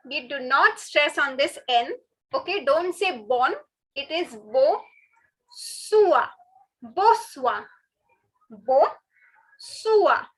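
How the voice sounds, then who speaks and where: High, bright-voiced woman teaching slowly. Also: rough recording. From India. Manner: patient, repeats words slowly with drawn-out stress. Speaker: French teacher. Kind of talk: online language lesson.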